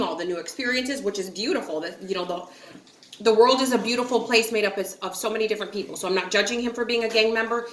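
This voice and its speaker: A woman's voice: medium pitch, fairly bright tone, echoey room. A woman from upstate New York telling a story to her viewers in a chatty, giggly way, acting out quotes and filling with likes and ums. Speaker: vlogger. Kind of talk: casual storytelling to camera.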